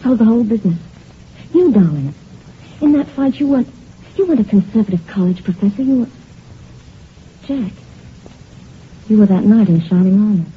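A woman's voice: medium pitch, lively intonation, moderate pace, pauses often, lightly acted. An actress playing a spunky young woman in a 1940s radio drama, with sassy, slangy banter. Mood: tender. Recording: dull, hissy old radio recording.

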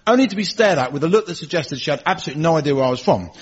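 An English man performing a scripted stand-up monologue with dry, deadpan storytelling on a radio comedy show. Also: on the high side, rapid-fire, breathy edge. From England. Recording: dull lo-fi radio recording.

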